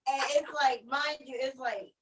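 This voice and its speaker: Woman, co-host, casual live-stream chat, chatty, self-mocking, high voice, distant mic. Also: moderate pace, heavy background noise. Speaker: show co-host.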